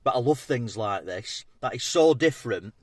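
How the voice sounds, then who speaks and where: A man's voice: mid-range voice, lively intonation, moderate pace, slightly rough, dry recording. A man, chatting casually as he tastes and reviews food on his vlog. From England. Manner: chatty, matey, talks between bites. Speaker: food vlogger.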